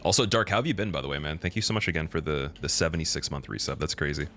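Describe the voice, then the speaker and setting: A low-voiced man giving casual live-stream commentary while he plays. He chats with his viewers, laughs often and gets loud and excited. Faint music plays behind him. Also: rapid-fire. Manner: chatty and giggly, talks to chat, gets loud and excited. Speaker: game streamer.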